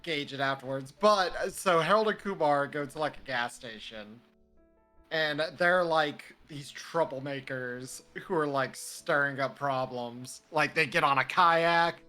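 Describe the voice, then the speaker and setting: A man on a live stream, telling a story with a bright, forceful voice that runs a little high. Faint music plays behind him. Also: measured pace. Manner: storytelling, animated, laughs often. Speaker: streamer co-host. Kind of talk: casual chat.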